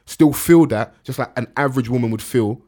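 A man co-hosting a podcast, talking quickly and loosely with lots of fillers and slang. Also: medium pitch, dark tone. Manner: fast, heavy use of slang and fillers. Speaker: podcast co-host. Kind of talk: casual chat.

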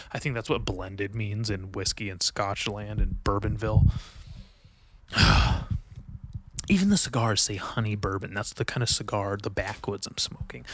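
A man's voice: on the low side, fairly quick, background noise. A man hosting a solo podcast, rambling casually with lots of swearing and self-mockery. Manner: profane, rambling, self-mocking. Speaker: podcast host.

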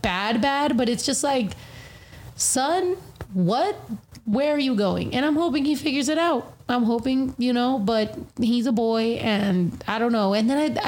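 A woman's voice: a little high, darkish tone. A woman in her thirties hosting a casual podcast, rambling and swearing freely, a little tipsy. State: tipsy from beer. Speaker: podcast host.

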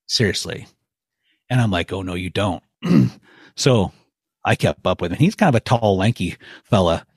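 A middle-aged man, a guest, telling a hunting story in a folksy, animated way and acting out quotes. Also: lowish voice, normal speed, creaky, husky, dry recording, clean studio sound. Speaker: guest elk hunter.

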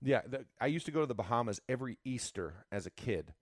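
A man from Florida in casual chat, telling stories in an animated way and laughing often. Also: medium pitch, quick pace, no room sound, studio quality. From Florida, USA.

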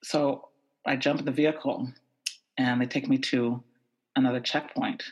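A man from the United States telling a tense personal story with animated, repetitive buildup. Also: medium pitch, moderate pace, lo-fi sound.

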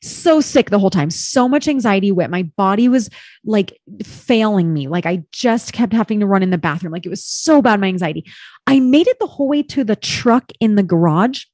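A woman telling a personal story in casual chat as a podcast guest, candid and expressive, swearing freely and filling her speech with "like". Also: mid-range voice, a little fast, no room sound, clean studio sound.

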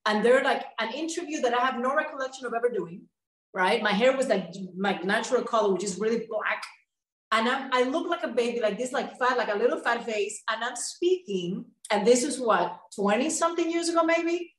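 A woman's voice: fairly high pitch, fairly quick. A woman with a Latin American Spanish accent chatting expressively as a guest. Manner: expressive, laughs while talking. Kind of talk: casual chat. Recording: roomy echo.

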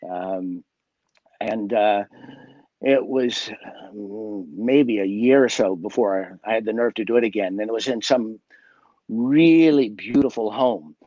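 A man's voice: lowish voice, a little slow, dark tone, no echo, highs cut off. Man telling a rambling story on a video call. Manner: chatty, laughing, many fillers and restarts. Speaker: guest magician. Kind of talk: casual storytelling.

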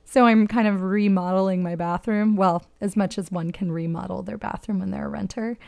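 A woman's voice: mid-range voice, fairly even intonation, a little fast, vocal fry, dry recording. Reflective woman hosting a chat. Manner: reflective, warm affirmations, many restarts, laughs easily. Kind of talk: casual conversation. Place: her own home.

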